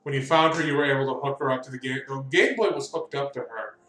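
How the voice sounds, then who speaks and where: Bright-voiced man running a tabletop game. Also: medium pitch, fast talker. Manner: rambling, full of fillers and restarts. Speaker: game master. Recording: echoey room.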